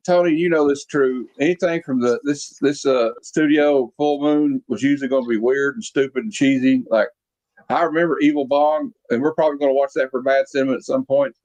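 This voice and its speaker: A man's voice: a little high, darkish tone, muffled recording. A man hosting a casual movie review chat, rambling along with lots of fillers and restarts. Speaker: podcast host reviewing a movie. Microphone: video call.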